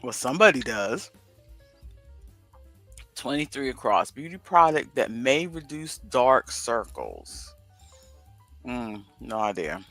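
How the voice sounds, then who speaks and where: Man, casual livestream co-host, talks to himself while puzzling, bouncy pitch, bright forward tone. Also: very animated, slow pace, pauses often, soft background music. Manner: rambling, talks to himself while solving a crossword. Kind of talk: casual chat, thinking aloud.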